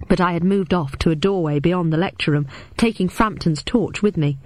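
A woman reading a first-person story aloud as an audiobook, with steady, even storytelling. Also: lowish voice, normal speed, few pauses, dry recording. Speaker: audiobook narrator.

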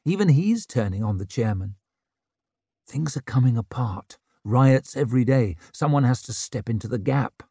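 A man's voice: medium pitch, animated, moderate pace, mellow, husky, no room sound, clean studio sound. A man voicing a poised, scheming young noblewoman and mother who coos sweetly and talks politics coolly. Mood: cool persuasive. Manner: sweet, cooing, then cutting and political.

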